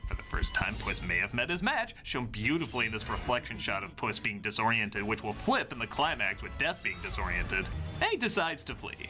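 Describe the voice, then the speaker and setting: A man's voice: lowish voice, big pitch swings, a little fast. A young man narrating a scripted film review in an enthusiastic, wry way. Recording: voice-over with faint music.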